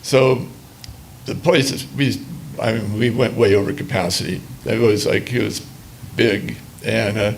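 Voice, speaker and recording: An older man, once a music booker, sits on a panel at a museum talk before a small audience, casually telling stories about bands, laughing and acting out dialogue. His voice is on the low side and creaky, with fairly even intonation and a measured pace, over slight background noise.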